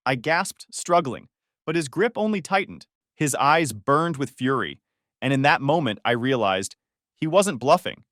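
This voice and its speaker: A man's voice: medium pitch, animated, unhurried, a bit bright, dry recording, clean studio sound. A man narrating a first-person story in a tense, dramatic way.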